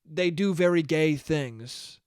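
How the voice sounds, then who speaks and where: A slightly high-voiced young man from New York rambles through a solo comedy podcast, heard close and dry with no room sound. He talks with profanity, swings from loud outbursts to low mumbled asides, and breaks into high laughs. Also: takes it slowly, smooth, no room sound. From New York (Westchester). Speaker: podcast host.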